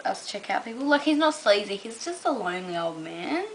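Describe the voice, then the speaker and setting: A woman's voice: high voice, big pitch swings, fast, few pauses, pushed and bright, a little hiss or hum, poor audio. A young Australian woman vlogging casually to camera, rambling with lots of "um" and "like". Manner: rambling, full of "um" and "like".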